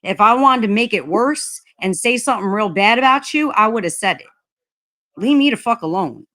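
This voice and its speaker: A woman's voice: on the high side, expressive, normal speed, pushed and bright. A woman hosting a livestream chat, ranting heatedly and swearing a lot. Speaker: livestream host.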